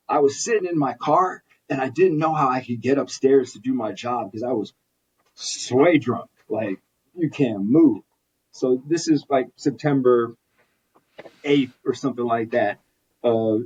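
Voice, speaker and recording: Husky man telling his story, distant mic. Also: medium pitch, a little mellow. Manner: earnest, rambling with restarts. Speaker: podcast guest. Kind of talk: candid personal storytelling. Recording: distant mic, dull lo-fi sound.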